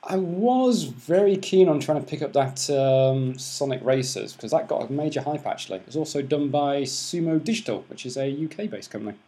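A man's voice: fairly high pitch, animated, normal speed, few pauses, warm tone. Male podcast co-host, casual and jokey, blunt with swearing. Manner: swears freely, jokey and opinionated. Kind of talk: casual chat about video games.

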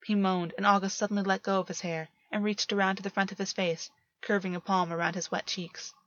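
Female audiobook narrator, measured delivery, dry lo-fi home recording. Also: mid-range voice, flat delivery, no room sound. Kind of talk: audiobook reading of fan fiction. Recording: dull lo-fi, dry.

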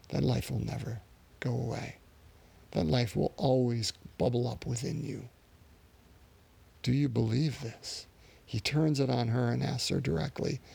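Guy preaching a sermon, real gravelly husky voice, earnest and thoughtful. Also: mid-range voice, warm tone. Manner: earnest, reflective, with restarts and pauses.

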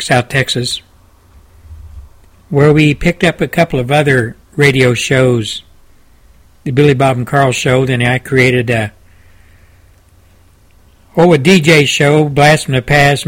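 A man's voice: mid-range voice, fairly bright tone. A man hosting his own radio talk show, delivering a pleading political monologue full of rhetorical questions into a studio microphone. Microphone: studio microphone with headsets.

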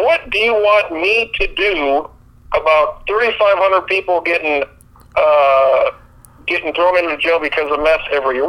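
Podcast co-host, male, high and bright tone, blunt profane venting. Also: poor audio. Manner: blunt, profane, exasperated ranting. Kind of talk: casual sports podcast chat.

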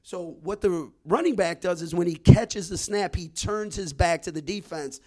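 A man in his forties from Detroit telling a long story on a podcast. He talks in an animated way and repeats words as he builds his story. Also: high-pitched, normal speed. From Detroit, Michigan. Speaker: guest storyteller.

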